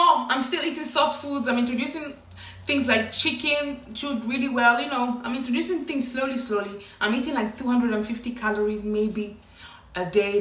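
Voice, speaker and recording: A woman telling a story casually to camera in an animated way, often slipping into acted voices. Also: fairly high pitch. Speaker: vlogger. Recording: echoey room, distant from the mic.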